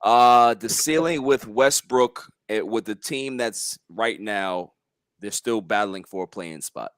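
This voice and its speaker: A man in a casual sports chat, giving his takes in halting, restarting phrases. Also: lowish voice, a bit bright, smooth, no room sound. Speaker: panel guest.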